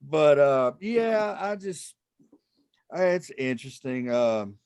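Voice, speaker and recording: Guy doing standup on a video call, kinda high voice, dry sound, rambles and cracks up at his own jokes. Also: darkish tone, clear, resonant tone, dry recording. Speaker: stand-up comedian. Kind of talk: stand-up comedy set over a video call.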